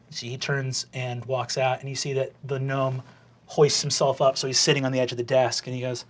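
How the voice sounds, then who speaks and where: A man narrating as game master for an improvised tabletop game, playful and quick to slip into character voices. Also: mid-range voice, level tone.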